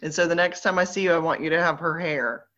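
A fast-talking woman with a fairly low, a bit bright voice and fairly even intonation reads oracle cards aloud for a live online group. She has a Southern American accent, leads the group in a playful, upbeat chat, and is captured on slightly dull lo-fi audio.

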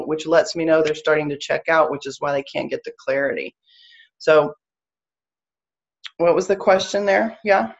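A woman's voice: sits low, normal speed, vocal fry, long pauses, highs cut off. A woman with a Southern US accent teaching a live online class on spiritual practice, earnest and explanatory, repeating her key phrases.

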